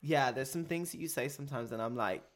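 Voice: mid-range voice, fast. A young podcast co-host in casual chat, giggly and chatty.

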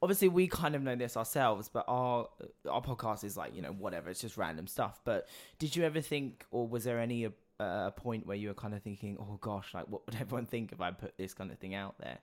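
A man's voice: on the low side, animated, a little fast, hardly any pauses. Camp guy cohost, teasing, voice jumps up and down a lot. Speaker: podcast co-host. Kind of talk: casual chat.

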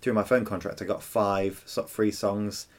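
Man, low voice, podcast co-host, reflective casual chat about music. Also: level tone, normal speed.

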